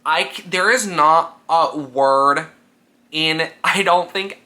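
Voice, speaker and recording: A man chatting casually in a book vlog, animated and sweary, full of fillers and gushing with emotion. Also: a little high. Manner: emotionally gushing, near tears. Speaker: book vlogger. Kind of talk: casual reading vlog chat.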